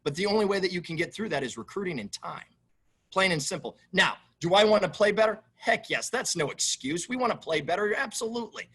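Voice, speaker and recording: A man who is a head football coach fields questions at a press conference, answering emphatically and animatedly and repeating himself. His voice sits high and sounds brisk, with a breathy edge.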